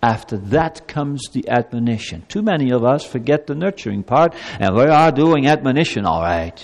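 A man preaching a sermon as pastor, animated, sometimes speaking God's words in a pleading tone. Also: mid-range voice, normal speed. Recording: long hall reverb.

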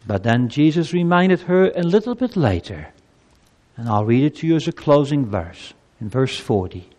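A man's voice: medium pitch, big pitch swings, moderate pace, a little mellow. A man preaching a sermon as pastor, building fervor and reading scripture aloud to his congregation. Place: church sanctuary. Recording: long hall reverb.

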